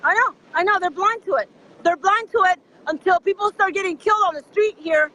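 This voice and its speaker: A man's voice: extremely high pitch, a little fast, sharp tone, low-quality recording. A man hosting a casual live-stream conversation, rambling and repeating his phrases as he talks. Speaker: host.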